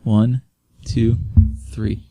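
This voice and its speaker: Man co-host, lowish voice, playful banter, dry close sound. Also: flat delivery, drawn-out words, vocal fry, dark tone, dry recording, low-quality recording. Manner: playful, egging others on. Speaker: podcast co-host. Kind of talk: casual chat.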